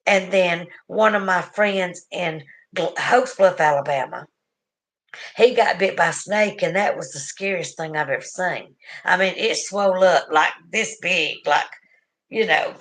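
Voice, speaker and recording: A woman's voice: lowish voice, a little slow, a bit bright. A middle-aged woman with a Southern US accent, chatting folksily as she reads viewer comments aloud on her stream. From southern United States. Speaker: livestream host reading viewer comments. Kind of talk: casual chat.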